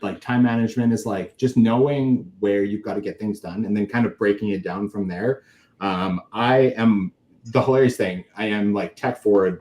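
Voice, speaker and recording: A man in his thirties, a guest in a casual interview, talking in a relaxed, rambling way full of filler words. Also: fairly low pitch.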